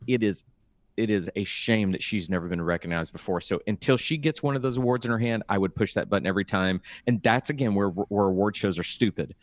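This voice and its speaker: A man's voice: fairly low pitch, a little fast, no room sound, studio quality. A man co-hosting an awards-prediction chat, talking eagerly and often repeating words as he starts a thought. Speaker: podcast co-host. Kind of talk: casual chat.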